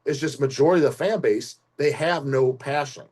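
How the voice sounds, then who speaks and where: A man's voice: mid-range voice, a little fast, a little mellow, husky. A man hosting his own podcast, talking laid-back and profane, laughing easily as he chats. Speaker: podcast host, channel creator. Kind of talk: casual podcast chat.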